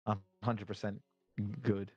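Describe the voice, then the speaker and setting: A man's voice: fairly low pitch, level tone, measured pace, slightly rough, dry recording, muffled recording, soft background music. A man playing a tabletop game, joking and giggly in casual chat. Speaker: player.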